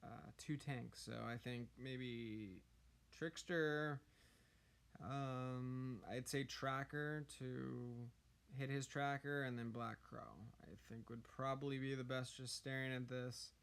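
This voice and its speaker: A hoarse man giving casual game tips, hesitant, with many ums and uhs. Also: mid-range voice, steady tone, slow pace, fairly bright tone. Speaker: gaming YouTuber.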